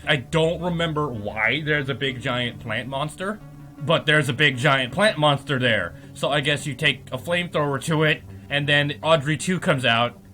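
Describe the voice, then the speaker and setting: A man's voice: a little high, moderate pace, bright, forceful tone, soft background music. A man hosting a podcast, giving a comedic, profane recap of a game plot and laughing often. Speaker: podcast host.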